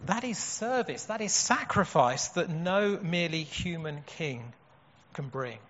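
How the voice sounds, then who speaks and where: A man's voice: a little high, animated, unhurried, fairly bright tone. A man preaching a sermon in an earnest way, asking rhetorical questions. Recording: dull echoey hall.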